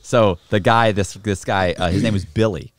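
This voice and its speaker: Speaking at normal speed in a lowish voice, a middle-aged podcast guest tells an animated, profane story, playing the other characters himself. The recording is dry.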